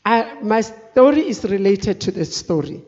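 A woman preaching an earnest, halting, emotional personal testimony. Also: medium pitch, expressive, darkish tone. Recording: dull recording in a reverberant hall.

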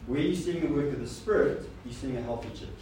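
A man's voice: medium pitch, fast talker, mellow. Male preacher, mid-range voice, casual rhetorical sermon, echoey hall with faint hiss. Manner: rhetorical questions, informal asides to the congregation. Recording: roomy hall sound with faint noise.

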